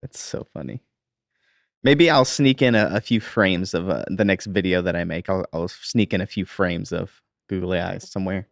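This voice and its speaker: A man's voice: low-pitched, normal speed, vocal fry, dry recording, clean studio sound. A man hosting a live stream, chatting in an easygoing way and laughing often. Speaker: stream host. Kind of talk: casual livestream chat.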